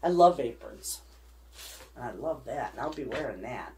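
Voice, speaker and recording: A woman's voice: rumbling low, animated, normal speed, a little mellow, slight background noise. A middle-aged woman hosting a homesteading channel, chatting casually and emotionally to her viewers. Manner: rambling, heartfelt, emotional. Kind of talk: casual chat to camera.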